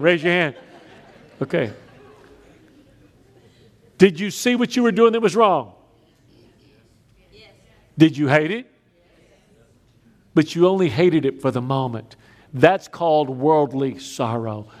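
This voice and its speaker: A man preaching a sermon, telling stories with big swings between loud raised lines and quiet emphatic drops. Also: a little high. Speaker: pastor.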